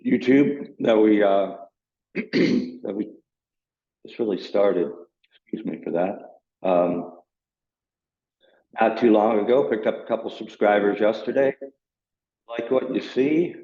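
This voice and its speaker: Low-voiced man with a groggy morning voice. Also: dark tone. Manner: rambling, loosely explaining. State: morning voice, clearing throat. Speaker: channel host. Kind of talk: casual vlog talk. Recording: roomy, dull lo-fi sound.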